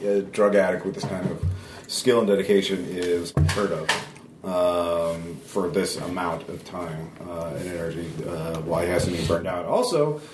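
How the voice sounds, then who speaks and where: A man narrating as game master in a tabletop game, halting with many fillers. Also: sits low. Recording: echoey room from a distance, background noise.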